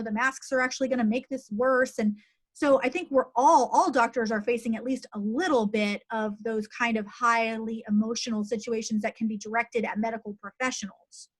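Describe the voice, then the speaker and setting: A middle-aged woman, a physician, hosting a conversational interview in an earnest tone with plenty of fillers. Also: on the high side. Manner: earnest, uses many fillers. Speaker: physician host.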